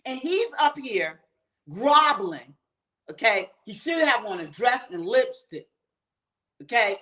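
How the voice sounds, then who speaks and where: A woman's voice: on the high side, pushed and bright. A woman from the United States hosting her own show, ranting in a profane, fired-up commentary straight to her viewers. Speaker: show host.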